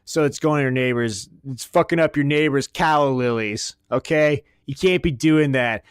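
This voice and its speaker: Crude, sarcastic, and swearing nonstop, this man hosts a podcast with a profane comedic rant. His medium-pitched voice is clear and resonant, moving at a normal speed, captured in a dry, studio-quality recording.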